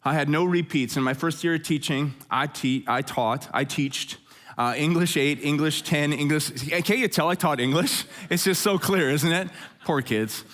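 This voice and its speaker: A middle-aged man preaching a conversational sermon as pastor, telling stories with jokes and lively asides. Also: a little high, normal speed. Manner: jokey, animated storytelling with asides.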